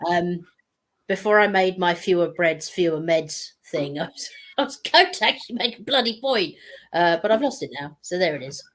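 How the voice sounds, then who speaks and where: Woman, panel guest, deep for a woman, rambling and self-mocking. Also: animated, moderate pace, a bit bright. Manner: chatty and meandering, self-deprecating. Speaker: guest speaker. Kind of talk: casual panel discussion.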